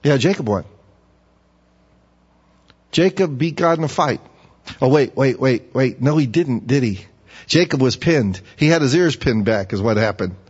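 A man preaching a sermon, asking his listeners questions and getting animated when he acts out a pleading voice. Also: a little slow, long pauses, husky. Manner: animated, rising high when acting out pleading; asks the audience questions. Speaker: pastor. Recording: dull, echoey hall.

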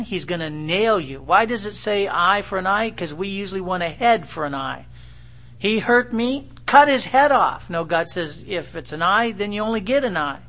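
A middle-aged male pastor preaching verse by verse. His voice sits high and carries a gravelly edge, and he reads the scripture with rising, pleading emphasis. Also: fairly bright tone. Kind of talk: expository sermon.

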